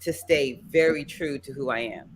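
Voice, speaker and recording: Animated storytelling woman guest. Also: deep voice, moderate pace, slight background noise. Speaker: guest daughter. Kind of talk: casual panel chat.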